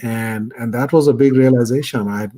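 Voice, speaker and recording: A man's voice: medium pitch, fairly even intonation, moderate pace, dark tone. Middle-aged man, mid-range voice, earnest reflective guest speaker over a video call. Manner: earnest, thoughtful. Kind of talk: reflective personal storytelling talk.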